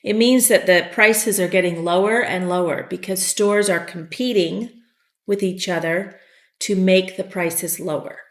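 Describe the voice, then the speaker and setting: Slow, patient woman teaching English. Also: medium pitch, fairly even intonation, roomy sound. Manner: slow, patient explaining with fillers. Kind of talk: vocabulary lesson.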